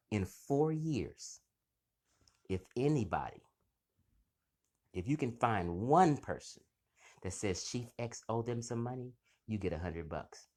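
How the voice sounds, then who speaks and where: Man, casual call-out vlog, boastful, confrontational, swinging pitch. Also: animated, takes it slowly, long pauses, a little mellow. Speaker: channel host.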